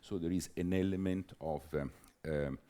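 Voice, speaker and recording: A man with an Italian accent answering on a conference panel, measured and hesitant with fillers. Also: low-pitched, fairly even intonation, warm tone. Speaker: panelist, senior diplomat.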